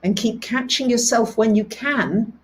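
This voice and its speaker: Woman, astrology host, soothing, slow unhurried delivery, soft low affirmations. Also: a little hiss or hum, low-quality recording. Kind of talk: live-stream talk reading viewer comments.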